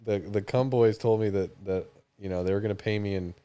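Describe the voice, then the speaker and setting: A young man co-hosting a comedic podcast, making deadpan jokes in casual chat. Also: fairly low pitch, brisk, smooth. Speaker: podcast co-host.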